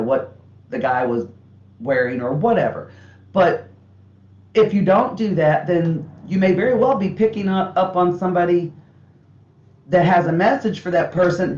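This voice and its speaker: Woman medium, lively candid storyteller, casual chat; echoey, muffled lo-fi audio. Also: low voice. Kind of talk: casual interview talk. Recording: echoey room, dull lo-fi sound.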